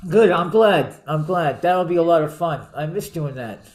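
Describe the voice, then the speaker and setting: A man hosts a relaxed chat and tells jokes and stories, chuckling as he goes. His voice sits a little high. The room around him rings with echo. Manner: chuckling storyteller, halting restarts. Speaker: show host. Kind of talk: casual joke-telling chat.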